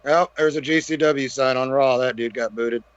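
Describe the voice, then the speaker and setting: A man's voice: medium pitch, fairly even intonation, moderate pace, noisy background. Laid-back man on a dull lo-fi line. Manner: laid-back, swearing, calls people dude. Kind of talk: casual chat.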